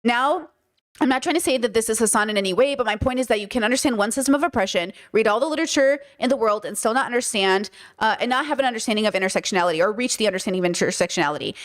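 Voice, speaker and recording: A woman hosting a livestream, reading chat comments and responding in an emphatic, animated way, full of fillers like "you know what I mean". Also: a little high, racing. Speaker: podcast host.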